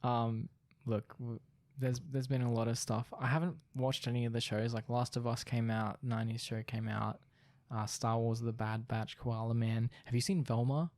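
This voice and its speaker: A man's voice: medium pitch, little pitch movement, normal speed, a little mellow, no room sound. A young man co-hosting a podcast, chatting casually and thinking aloud with lots of fillers. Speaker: podcast co-host. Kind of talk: casual chat.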